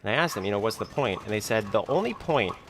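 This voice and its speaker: A man's voice: lowish voice, lively intonation, fast, noisy background. A man talking in a rambling vlog monologue, full of fillers like "like" and "you know". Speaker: video creator being reacted to.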